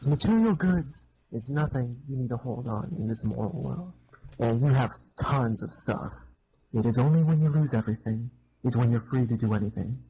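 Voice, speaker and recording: A man's voice: mid-range voice, normal speed, dark tone, highs cut off. Man, mocking prank caller, bossy, from an archive clip with light noise. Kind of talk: taunting phone chat.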